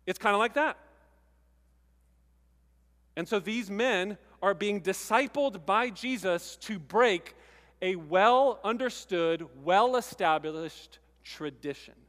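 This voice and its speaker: A man preaching a sermon in a casual, conversational way, stressing words with pauses between them. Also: high-pitched, fairly bright tone, big-room sound. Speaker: pastor.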